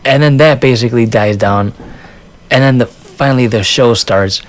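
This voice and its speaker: A man vlogger telling a casual story in an animated way, often laughing and acting out what people said. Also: mid-range voice, moderate pace. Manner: restarts and fillers, says dude.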